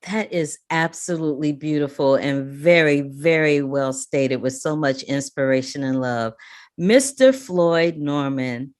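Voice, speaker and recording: A woman with a notably low voice hosts a film podcast interview. She speaks with gushing, heartfelt praise, her emotion close to the surface. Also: unhurried, darkish tone. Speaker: podcast host, film critic.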